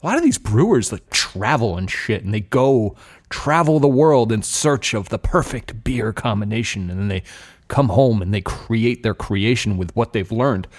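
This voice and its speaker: A man's voice: lowish voice, expressive, moderate pace. A young adult man hosting a beer podcast, chatting casually and candidly about a beer's taste, rambling and swearing now and then. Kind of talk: casual tasting chat.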